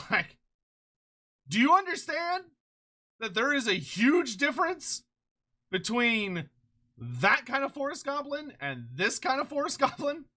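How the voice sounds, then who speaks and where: A streamer chatting casually on a live stream, excitable and rambling, swearing freely and laughing often, short on sleep. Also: sits high, unhurried, long pauses. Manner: rambling with frequent restarts.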